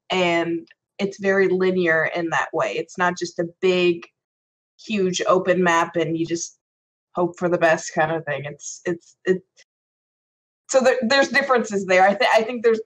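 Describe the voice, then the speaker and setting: A woman's voice: lowish voice, low-quality recording. A woman voice actress chatting casually as a podcast guest, with a sassy, playful manner. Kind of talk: casual chat.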